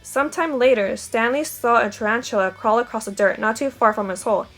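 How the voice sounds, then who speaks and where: A woman's voice: fairly high pitch, brisk, soft background music. A woman reading a novel aloud, giving the dialogue light character voices. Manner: steady storytelling with quoted dialogue. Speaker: audiobook reader.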